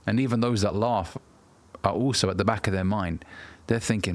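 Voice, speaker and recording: A man in his thirties lectures the camera with blunt, profane conviction. His low voice carries a gravelly fry. The sound is close and dry, with no room around it. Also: expressive, a little fast, no room sound. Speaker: dating and self-improvement coach. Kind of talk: direct-to-camera advice talk.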